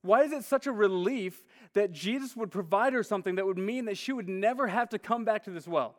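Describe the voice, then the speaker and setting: A man's voice: high-pitched, brisk. A man preaching a sermon in a casual, conversational way, often saying "like". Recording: long hall reverb.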